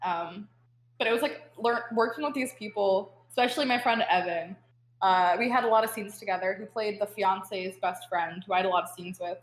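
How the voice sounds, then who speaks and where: A young woman talks as a podcast guest, with an easy, chatty flow that runs on filler words. Her voice sits at a middle pitch. The sound carries a noticeable room echo. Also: brisk. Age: young adult. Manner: chatty, full of "like" fillers, animated storytelling. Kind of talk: casual podcast interview. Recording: roomy echo.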